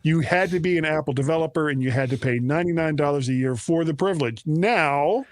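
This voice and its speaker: A man's voice: fairly high pitch, brisk, no room sound, clean studio sound. A man hosting a tech podcast, chatting casually with good humour and stumbling over his words. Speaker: podcast host. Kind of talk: casual chat.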